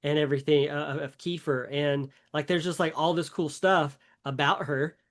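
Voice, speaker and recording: A man with a Southern US accent co-hosts a podcast, chatting casually and rambling with lots of filler words. His voice is on the high side, with little pitch movement and a normal speed.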